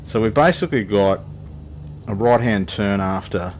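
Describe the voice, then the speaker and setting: A man's voice: fairly low pitch, moderate pace. An Australian man hosting a flight simulator channel, chatting casually and joking through his gameplay commentary. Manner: chatty, joking, self-deprecating. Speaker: flight sim channel host.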